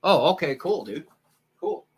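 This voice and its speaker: A man's voice: on the high side, expressive, measured pace, slightly rough. A man live streaming and chatting casually with his viewers, rambling in a crude and profane way.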